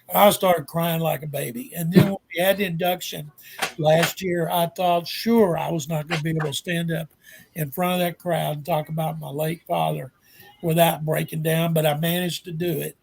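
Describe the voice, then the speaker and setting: A man in his seventies with a Texan accent, a guest sportswriter telling animated anecdotes in an interview. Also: on the high side, moderate pace, creaky, slight background noise. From Texas. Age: 70s. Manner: animated anecdote-teller, acts out quotes. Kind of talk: storytelling interview.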